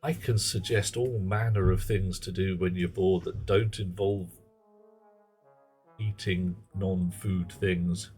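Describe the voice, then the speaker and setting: A man's voice: low voice, fairly even intonation, takes it slowly, darkish tone. A man streaming a game live, rambling through wry, chatty asides to his viewers. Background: game music.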